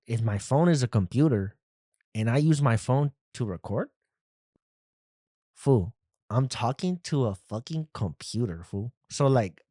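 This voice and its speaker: A man's voice: medium pitch, darkish tone, dry recording, lightly acted. A podcast host voicing a vulnerable young street dude who drawls slang and ends his phrases with 'fool' or 'dog', recorded on a phone in a dry room. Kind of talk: comedic podcast bit.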